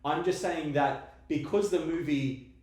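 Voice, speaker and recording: A man co-hosting a film discussion podcast, making his points in a measured, analytical way. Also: fairly high pitch, darkish tone. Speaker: podcast co-host. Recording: very echoey room.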